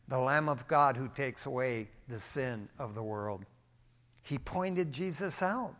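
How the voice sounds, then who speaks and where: Male pastor, slightly higher voice, sermon delivery with dynamic hushed-to-loud swings, conversational storytelling. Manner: preaching with big swings in volume, from hushed to emphatic; telling everyday stories with light humor.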